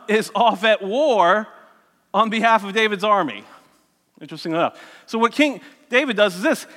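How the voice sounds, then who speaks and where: A man preaching a sermon as a lively story, acting out the characters' voices and adding joking asides. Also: high voice, in a large hall. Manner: animated, voices the characters, self-mocking asides.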